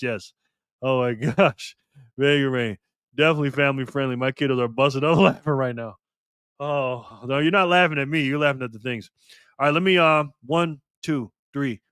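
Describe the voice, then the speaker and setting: Male streamer, higher pitch, jokey and laughing with chat, dry mic. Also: a bit bright, dry recording. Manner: laughs often, banters with chat. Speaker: live stream host. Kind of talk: casual live stream chat reading comments.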